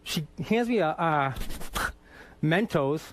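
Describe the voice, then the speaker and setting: A man from Boston, a guest in a radio studio, telling profane, animated stories with laughter. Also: a little high, slow, a little hiss or hum. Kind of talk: casual storytelling interview.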